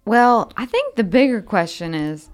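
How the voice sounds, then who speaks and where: A woman's voice: medium pitch, huge pitch swings, a little slow, faint music behind. A woman playing a tabletop game, chatty and joking with lots of "like". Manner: chatty, joking, filler-heavy. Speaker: player. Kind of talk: casual tabletop chat.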